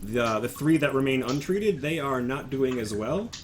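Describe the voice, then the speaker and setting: A man's voice: mid-range voice, animated, moderate pace, a little hiss or hum. A man running a tabletop game as game master, talking casually and playfully with rambling restarts.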